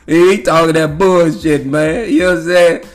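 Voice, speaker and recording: A man's voice: on the high side, fairly even intonation, normal speed. A man telling a rambling, profane story in a casual monologue, laughing often and leaning on fillers.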